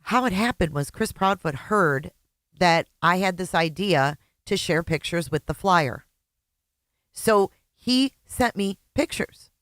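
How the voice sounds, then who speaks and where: A woman's voice: fairly low pitch, lively intonation, slow, fairly bright tone, no room sound. A woman hosting a reaction stream, angrily talking back at a clip and swearing. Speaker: channel host reacting to a clip. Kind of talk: angry reaction commentary.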